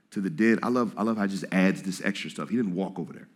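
A man preaching a sermon to a congregation in a lively, conversational way, reading scripture and speaking in casual slang. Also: low voice, fast talker, hardly any pauses. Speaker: pastor. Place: church hall with congregation.

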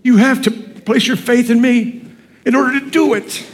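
A man voicing God as a calm, blunt and fatherly figure who speaks in casual slang. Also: extremely high pitch, moderate pace, voice pushed up. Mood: firm, calm.

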